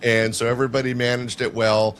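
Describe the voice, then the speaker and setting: A man's voice: medium pitch, level tone, a little fast, a bit bright, slight background noise. Older guy yapping through a story, lots of ums and uhs, guest on a podcast. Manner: chatty, rambling with fillers. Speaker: guest, show producer. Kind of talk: casual storytelling in a podcast interview.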